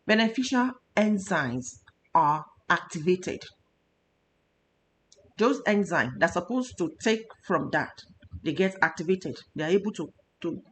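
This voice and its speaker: A woman's voice: medium pitch, fairly bright tone. A Nigerian woman, a nutritionist hosting a health talk show, speaking with emotional emphasis. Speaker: nutritionist host.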